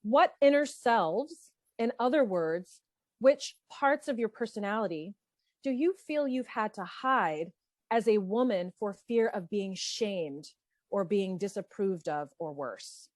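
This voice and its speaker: Slow, measured woman hosting. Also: medium pitch, animated, a little mellow, no echo. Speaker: host. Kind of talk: panel discussion moderation.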